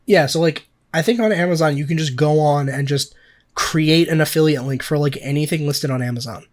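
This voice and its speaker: A man's voice: on the high side, fairly quick. A young man co-hosting a podcast in casual chat, rambling and swearing with lots of fillers. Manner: rambling, profane, filler-heavy. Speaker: podcast co-host.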